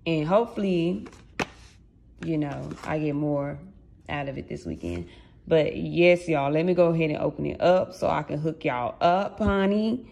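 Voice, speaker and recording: A woman's voice: low-pitched, animated, normal speed, creaky, dark tone. A woman in her late twenties chatting casually and straight to her viewers, with loose folksy slang. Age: late 20s. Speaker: vlogger.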